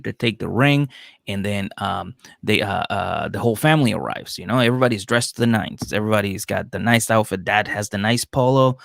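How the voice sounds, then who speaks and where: A man's voice: fairly low pitch, creaky, no echo, clean studio sound. A man co-hosting a comedy podcast, chatting loosely and rambling, with frequent laughs. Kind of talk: casual chat recapping a reality show.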